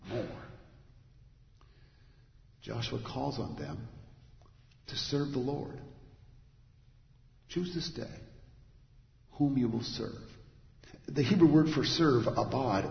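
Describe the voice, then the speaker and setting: A male pastor delivers a sermon, with dramatic swings from ringing proclamations to quiet, intimate asides. His voice fills a big church hall with long reverb and roomy echo. The recording sounds a little dull and muffled. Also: mid-range voice. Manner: dramatic, swings from loud declarations to hushed asides. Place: church sanctuary.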